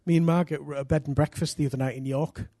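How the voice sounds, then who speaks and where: A middle-aged man from England, preaching a sermon full of personal stories, energetic and self-deprecating with bursts of loud emphasis. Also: on the high side, very fast, dry recording, studio quality.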